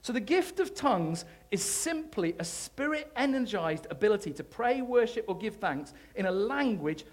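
A man preaching a sermon, telling his own faith story in an animated, self-deprecating way. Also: high-pitched, normal speed, hardly any pauses. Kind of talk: sermon testimony.

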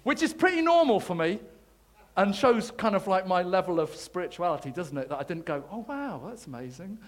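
A man preaching a sermon, telling his own faith story in an animated, self-deprecating way. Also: high-pitched, brisk. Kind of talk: sermon testimony.

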